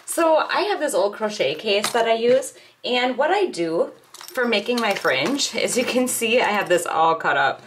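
A woman's voice: a little high, normal speed. Woman, middle-aged, crochet tutorial host, casual chat, talks while working, faint background hum. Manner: chatty and relaxed, talks while working with her hands. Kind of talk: casual step-by-step craft demonstration.

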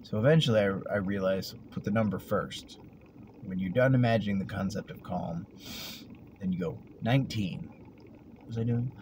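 A man with a lowish voice rambles reflectively, drifting off into quiet murmurs now and then. His words sit over a clear layer of background noise with vehicle sounds. The talk is loose and meandering, like a personal video diary. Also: moderate pace. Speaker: vlogger. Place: at work, vehicle sounds around.

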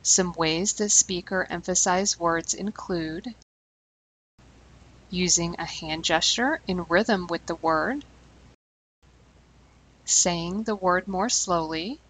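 A woman language teacher giving scripted instructional narration, speaking clearly and slowing down deliberately on key terms. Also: lowish voice, fairly bright tone, low-quality recording.

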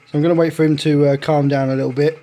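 Seorang pria beraksen Inggris bercerita santai sambil merawat dan melatih anjingnya di rumah. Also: male voice, on the high side, flat delivery, very fast, mellow. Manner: chatty, coaxing the dog with short commands. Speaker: vlogger and dog owner. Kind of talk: casual vlog narration. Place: at home with a dog. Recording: faint background noise.

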